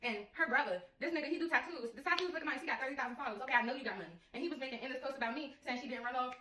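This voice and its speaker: Young woman stylist, rapid-fire animated storytelling, roomy echo, set back from the mic. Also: high voice, crowd noise. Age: young adult. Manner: fast, animated, profane retelling with quoted dialogue. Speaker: hair stylist. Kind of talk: casual storytelling to viewers. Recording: echoey room, voice from a distance, clear background noise.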